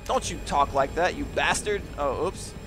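A man giving loud, excitable let's play commentary, swearing and yelling at enemies. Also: on the high side, normal speed. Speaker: gaming commentator. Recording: commentary over loud game music and effects.

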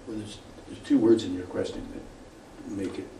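A male student speaking up in a classroom discussion, measured and explanatory. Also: on the low side, vocal fry, mellow. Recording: distant, roomy, faint hiss.

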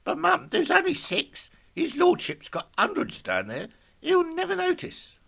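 A cheeky young lad whines high and wheedling to his mother in a spoken story, voiced by an older storyteller. The voice jumps well above the teller's own natural pitch. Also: huge pitch swings, measured pace, creaky, fairly bright tone, full character voice. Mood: pleading. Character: cheeky young man, a cook's son, pleading.

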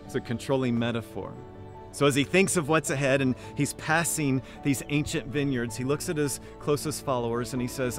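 A man's voice: medium pitch, normal speed. Man, pastor, sermon, storytelling, repeated emphatic phrases, faint background music.

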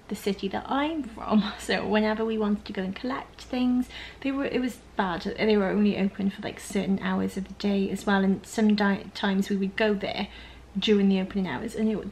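A woman's voice: mid-range voice, fairly even intonation, normal speed, darkish tone, a little hiss or hum. A young woman chatting casually at home on her sofa, rambling and giggling through a haul vlog. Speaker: lifestyle vlogger. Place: home living room, on the sofa.

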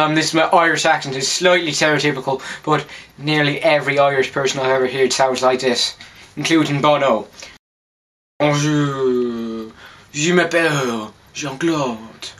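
A male vlogger introducing his comedy accent sketches with quick, apologetic asides. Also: fairly high pitch, pushed and bright, low-quality recording.

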